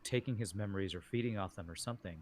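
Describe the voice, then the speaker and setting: A man's voice: lowish voice, rapid-fire, a little hiss or hum. A man playing a tabletop game who muses and speculates aloud. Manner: musing, speculative. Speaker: player. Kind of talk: casual play.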